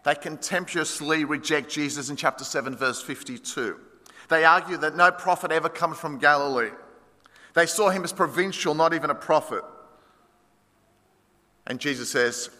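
A man preaching an expository sermon, storytelling with dramatic swings between loud and hushed delivery. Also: fairly high pitch, normal speed. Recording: long hall reverb.

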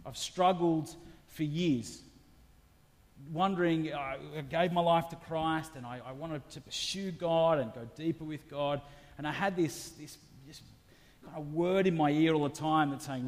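A man preaching a sermon in an earnest, confessional way, his voice dropping to a hush and swelling loud again. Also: fairly high pitch, steady tone, normal speed, in a large hall.

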